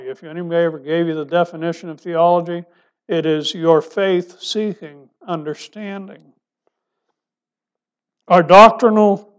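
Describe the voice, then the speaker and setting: The audio is dull as a high-voiced male pastor gives a sermon. He leans on rhetorical questions and lowers his voice softly when he wants emphasis.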